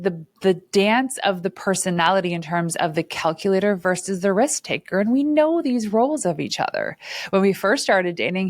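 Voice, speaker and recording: Woman, 40s, entrepreneur vlog host; low-ish pitch, dry close sound, candid and animated delivery. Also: no room sound. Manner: candid and animated, acts out quoted dialogue with laughs. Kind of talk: casual talk to camera. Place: her studio.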